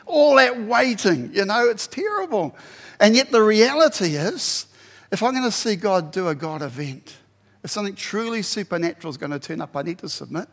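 A man preaching a sermon in a church hall, animated, swinging from loud emphasis to quiet asides. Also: fairly high pitch. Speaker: pastor.

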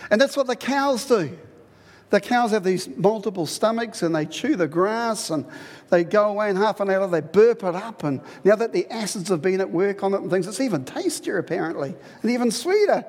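A man preaching a sermon in a lively, conversational way, repeating phrases for emphasis. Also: high-pitched, normal speed, big-room sound. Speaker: pastor.

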